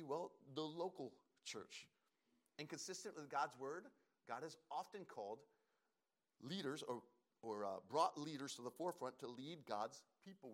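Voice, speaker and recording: A man preaching as pastor, earnest and emphatic, pausing and repeating phrases for stress. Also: on the high side, a bit bright. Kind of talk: sermon.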